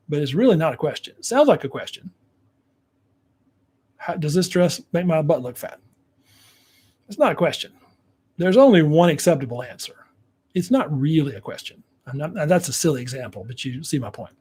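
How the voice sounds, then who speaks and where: Guy w a husky, kinda high voice giving relationship advice, acts out both sides. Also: a little mellow. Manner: explains by acting out what partners say. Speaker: relationship coach. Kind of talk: advice talk to viewers.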